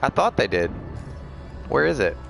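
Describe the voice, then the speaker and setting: A man's voice: medium pitch, very animated, normal speed, vocal fry, fairly bright tone, faint music behind. A man streaming a space game, chatting casually and joking with friends as he plays. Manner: joking, rambling. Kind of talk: casual gameplay chat.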